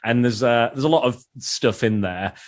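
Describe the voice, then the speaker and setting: A man's voice: mid-range voice, moderate pace. A man co-hosting a casual podcast chat, talking in a chatty, hesitant way. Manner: chatty, hesitant with fillers and restarts. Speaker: podcast co-host.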